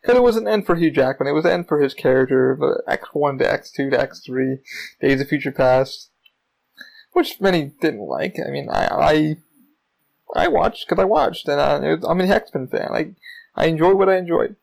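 A man talks alone into his podcast mic, a gravelly edge running under a voice pitched a little high. He rambles excitably from one thought to the next and swears freely as he goes. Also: normal speed, low-quality recording. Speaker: podcast host. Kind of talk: casual solo podcast monologue.

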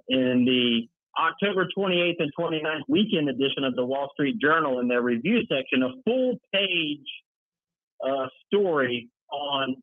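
A man's voice: mid-range voice, no room sound. A man co-hosting a podcast in casual chat, talking sarcastically with mocking asides. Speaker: podcast co-host. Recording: dry, tinny phone-like line.

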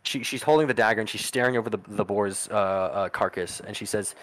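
A man's voice: on the low side, brisk, fairly bright tone, low-quality recording. A man narrating a tabletop game as game master, casual and profane, with lots of ums and uhs.

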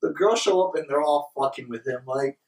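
A young man with a slightly higher voice tells crude stories and mimics people in squeaky voices. He sounds roomy and distant from the mic. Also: brisk. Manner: crude, animated, mimics others in high voices. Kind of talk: casual storytelling chat.

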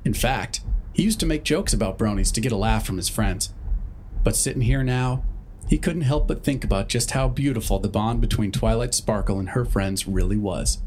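A man reading a story aloud in a deadpan narrating manner. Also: on the low side, normal speed, slight background noise.

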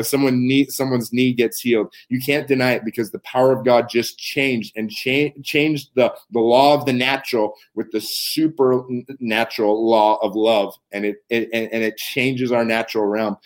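A man talking as a guest minister, sharing faith testimony in a fervent conversational way, often repeating words as he searches for his thought. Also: mid-range voice. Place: Canada.

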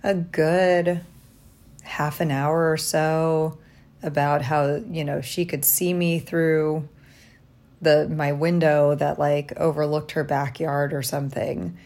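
A woman talking through a personal diary vlog from a hotel room, reflective and halting, tired after little sleep. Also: deep voice, level tone. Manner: reflective, halting, soft-spoken. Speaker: vlogger.

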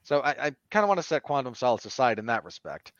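A man co-hosting a podcast, talking through a film review in an animated, opinionated way with sudden emphatic jumps. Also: mid-range voice, fast, no room sound. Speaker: podcast co-host. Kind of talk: casual film review chat. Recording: dull, dry lo-fi podcast audio.

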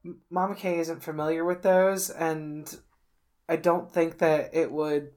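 A woman's voice: low voice, flat delivery, measured pace, a little mellow. A young woman co-hosting a podcast, giving her frank take on a movie while searching for the right words. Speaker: podcast co-host. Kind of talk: casual movie discussion.

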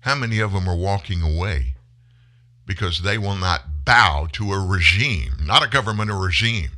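A male talk radio host giving an impassioned monologue, speaking emphatically to listeners, rising to loud bursts and dropping low again. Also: animated, normal speed. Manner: addresses listeners as folks.

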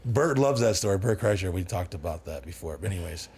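A man's voice: deep voice, quick pace, slightly rough. A middle-aged man, a podcast guest, telling stories in a loose, profane way and acting out what people said. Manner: profane, animated, acts out quoted dialogue. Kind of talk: casual storytelling interview.

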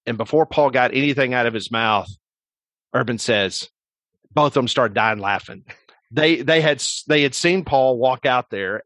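A man at a middle pitch tells a long story as a guest on a sports talk interview. He rambles casually and leans on fillers and restarts, and the sound is close and dry. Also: a bit bright, dry recording. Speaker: sports radio host, guest.

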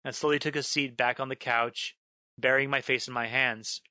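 A man tells a first-person horror story in a bright, clear voice, recorded close with no room sound. His delivery is dramatic, stretching out a haunting refrain and erupting into shouts as the tension mounts. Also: medium pitch, steady tone, dry recording. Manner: dramatic, slows down on a repeated line, bursts into yelling. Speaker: narrator.

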